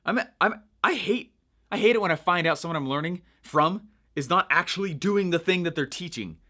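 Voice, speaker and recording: Young guy coaching online, high-ish voice, upbeat and chatty, keeps asking "right?". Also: a little fast. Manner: energetic, chatty, frequent "right?" check-ins. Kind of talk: casual teaching monologue.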